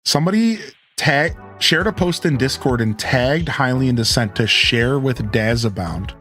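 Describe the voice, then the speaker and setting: Chatty male streamer over soft music. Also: mid-range voice, lively intonation, moderate pace. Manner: chatty, thanks viewers, restarts words. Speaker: game streamer host. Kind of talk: casual live-stream chat.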